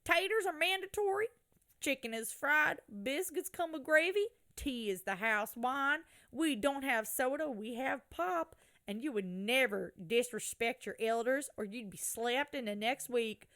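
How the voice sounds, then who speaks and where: A woman's voice: sits high, lively intonation, measured pace, fairly bright tone, heavily acted. A woman doing a folksy country bumpkin drawl. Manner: drawling, exaggerated.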